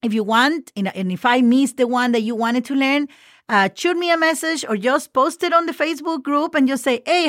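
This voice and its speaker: Lady teaching words, kinda high voice, dry close mic, chatty and jokey. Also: dry recording. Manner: chatty, playful, spells words letter by letter. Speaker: Spanish teacher. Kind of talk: podcast language lesson.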